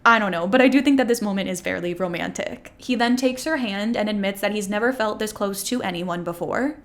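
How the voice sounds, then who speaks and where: Woman vlogger talking through a show episode, medium pitch, casual and opinionated, thinks out loud a lot. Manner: chatty and opinionated, musing aloud. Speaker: video essay host. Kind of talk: casual commentary recapping a TV show.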